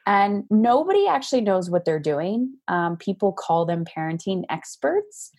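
A woman with a husky voice talks frankly about raising kids. She tells stories in an animated, restarting way, like a parenting coach on a casual video call. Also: medium pitch, measured pace. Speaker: guest, parenting coach and podcaster. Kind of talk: casual interview talk.

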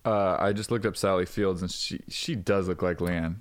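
A man's voice: low-pitched, steady tone, normal speed. A man chiming in as a podcast co-host with short remarks and lookups. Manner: brief interjections, looking things up. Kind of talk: casual podcast banter.

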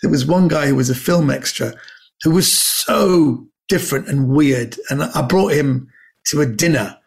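A man telling lively anecdotes as a guest, often acting out what other people said. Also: fairly high pitch, a little slow, creaky. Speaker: guest comedian. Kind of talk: casual storytelling interview.

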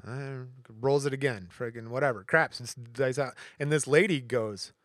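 With a mid-range voice at normal speed, a male podcast co-host relays a lengthy anecdote in casual chat, bringing it to life by acting out each person's lines. The recording is clean studio sound with no room sound.

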